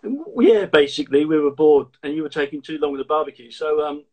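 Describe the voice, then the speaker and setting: A former racing driver in his fifties hosts a casual live video chat, reading out questions from viewers in an easygoing way. His voice sits a little higher than most men's. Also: fast talker. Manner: relaxed, reads out viewer questions. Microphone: phone or laptop mic on a video stream.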